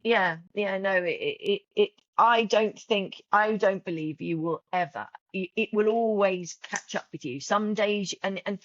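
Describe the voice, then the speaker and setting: A woman's voice: mid-range voice, measured pace, few pauses, no room sound, highs cut off. A woman podcast guest talking openly and emotionally, often restarting and repeating her words. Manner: heartfelt, frequent restarts and repetitions. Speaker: podcast guest, journal creator. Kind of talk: emotional casual interview talk.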